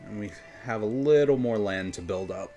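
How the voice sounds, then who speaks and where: A man's voice: lowish voice, moderate pace, mellow, dull audio. A man from New York with a New York accent, chatting casually as a game streamer and rambling between topics. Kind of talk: casual gameplay commentary. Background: faint game music.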